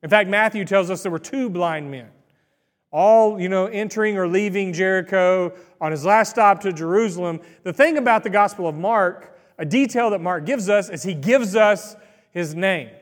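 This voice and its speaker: A man's voice: high voice, normal speed, in a large hall. A man preaching a sermon in a conversational, folksy storytelling way, with asides to the congregation. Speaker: pastor.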